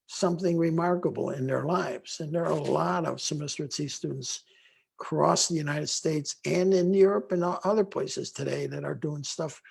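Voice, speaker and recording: Gravelly older man telling stories. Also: a little high, normal speed. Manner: rambling with restarts, animated retelling. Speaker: guest speaker, longtime voyage faculty. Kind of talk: conversational storytelling. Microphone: video call.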